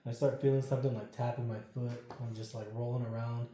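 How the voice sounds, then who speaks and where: A man's voice: mid-range voice, fast talker, a little hiss or hum. A man telling a ghost story as a podcast guest, casual and full of swearing. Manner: profane, animated storyteller. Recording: very echoey room.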